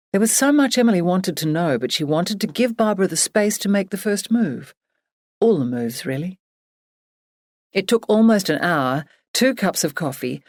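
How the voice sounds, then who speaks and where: Lower-voiced woman narrating a story. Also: no echo, studio quality. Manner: measured, even storytelling. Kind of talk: scripted audiobook narration.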